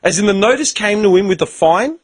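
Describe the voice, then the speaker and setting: Australian male host, husky, dry close mic, swears freely, plays every part in his anecdotes. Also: high-pitched, brisk, dry recording. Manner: profane, animated storyteller who acts out both sides of conversations. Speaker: podcast host. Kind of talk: casual storytelling chat.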